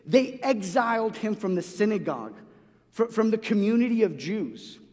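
Guy preaching, high-ish voice, chatty and restarts a lot, big hall echo. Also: big pitch swings, moderate pace, a little mellow. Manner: conversational, many restarts and "like"s, acts out quoted voices. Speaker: pastor. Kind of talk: sermon. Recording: long hall reverb.

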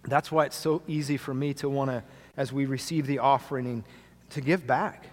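A male pastor preaching a sermon to a congregation, earnest, often dropping quietly for emphasis. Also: mid-range voice, fairly even intonation, moderate pace. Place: church sanctuary. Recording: long hall reverb.

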